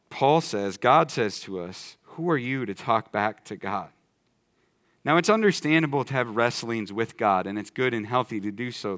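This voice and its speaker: A male pastor giving a sermon in a church, talking in a conversational way that swings from quiet, low emphasis to loud excitement. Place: church sanctuary.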